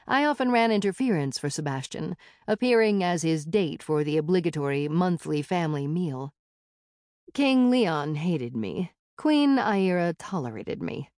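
Female audiobook narrator, first person, wry and measured, low voice, dry studio sound. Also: a little mellow, no echo.

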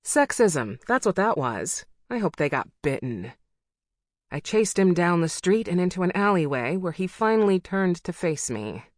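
Low-voiced woman narrating a novel. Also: no echo, studio quality. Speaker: audiobook narrator. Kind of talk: first-person novel narration.

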